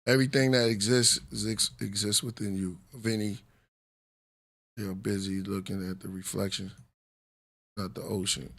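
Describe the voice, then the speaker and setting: A man's voice: lowish voice, little pitch movement, normal speed, vocal fry, long pauses, fairly bright tone. A man hosting a live podcast with a New York accent, talking in a loose, reflective way with many fillers. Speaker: podcast host. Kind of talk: casual live podcast talk.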